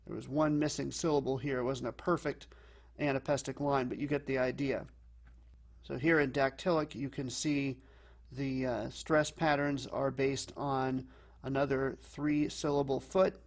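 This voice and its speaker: A man's voice: mid-range voice, steady tone. Man explaining poetry meter. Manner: plain explaining, slows to read quoted verse aloud. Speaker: teacher. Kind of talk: explanatory lecture.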